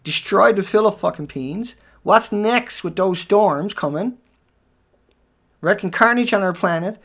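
A man delivering an angry, profanity-filled rant over news headlines, swinging between shouts and low muttering. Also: slow. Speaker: video commentator.

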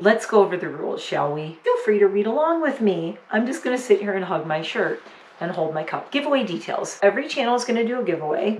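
A woman YouTuber unboxing holiday gifts on her vlog, gushing and gasping with excitement. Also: fairly low pitch.

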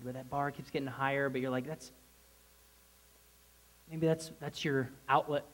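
A man preaching a casual, conversational sermon to a congregation, bursting into excited shouts. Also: medium pitch, moderate pace, long pauses, poor audio.

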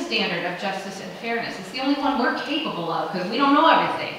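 A woman's voice: mid-range voice, animated, fast talker, fairly bright tone, slight background noise. A woman pastor giving a conversational, emphatic sermon to her congregation. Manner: conversational, emphatic, quoting imagined questions. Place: church sanctuary. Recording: echoey church from far off.

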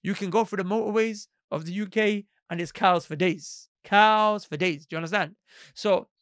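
A man's voice: high voice, no echo, clean studio sound. A man giving a Quran lesson, acting out quoted voices and asking his listeners questions. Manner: animated, acts out quoted voices; asks the listeners rhetorical questions. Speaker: Islamic teacher.

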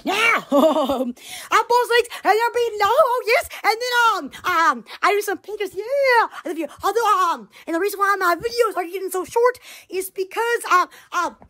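A woman's voice: extremely high pitch, lively intonation, moderate pace, bright, forceful tone. A woman vlogging in a rambling, casual way, giggling and exclaiming often. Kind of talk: rambling casual vlog chat.

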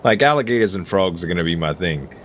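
Cajun man, deeper voice, laid-back joking co-host, faint noise. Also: expressive, fast, a bit bright. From Louisiana. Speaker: co-host gamer. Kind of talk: casual gameplay banter.

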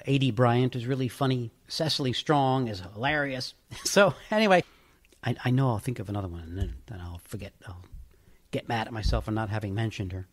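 Male podcast host, casual explainer, chatty and thinking aloud. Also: medium pitch.

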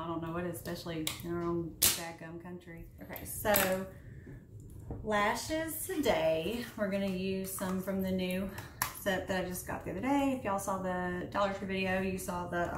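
A woman in her late thirties talks casually while doing her makeup at home, venting in an animated, sarcastic way. Her voice sits a little low. The room is echoey, with a faint hiss of noise behind her. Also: normal speed. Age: 30s. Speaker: beauty vlogger.

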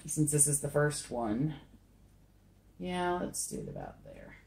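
Slow, low-voiced woman chatting while crafting. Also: huge pitch swings, creaky, darkish tone. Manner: chatty, giggly, self-deprecating. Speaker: acrylic pour artist. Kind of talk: casual craft vlog chat. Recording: echoey room.

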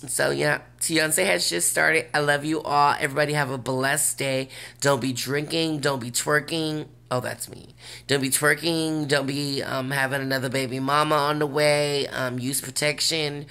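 A woman's voice: low-pitched, fairly even intonation, moderate pace, gravelly, a bit bright, clear, resonant tone. A woman hosting a casual vlog while lying in bed, talking in a brash, profane, sassy way. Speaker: vlog host.

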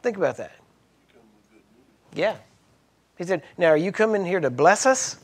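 Bible teacher, male, slightly high voice, reads scripture and cuts in with pointed asides. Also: lively intonation, unhurried. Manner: reads verses aloud, then breaks in with emphatic asides to the audience.

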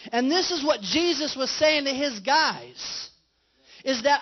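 A male pastor with a very high, animated voice preaches slowly in a conversational sermon, putting questions to his congregation. The church livestream audio is dull and lo-fi.

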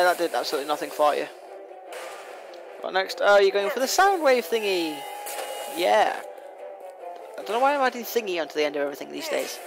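A young man casually commentating a video game, talking fast, rambling and taunting the boss. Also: high voice, vocal fry. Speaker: gameplay commentator. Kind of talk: casual let's play commentary. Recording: noisy home recording.

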